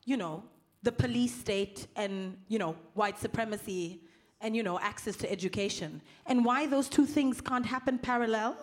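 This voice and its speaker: High-voiced woman moderating a panel. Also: moderate pace. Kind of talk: panel discussion storytelling.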